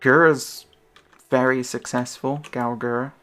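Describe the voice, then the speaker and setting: A woman's voice: very deep voice, steady tone, measured pace, a bit bright, soft background music. A woman streamer chatting casually in a rambling, self-conscious way, her intonation rising and falling.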